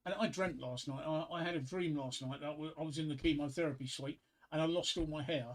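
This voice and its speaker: Rambling older man, fairly high voice. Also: fairly even intonation, fast talker, rough recording. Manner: rambling, self-deprecating, chatting to viewers; frequent fillers and restarts. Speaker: livestream host. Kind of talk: casual solo livestream chat.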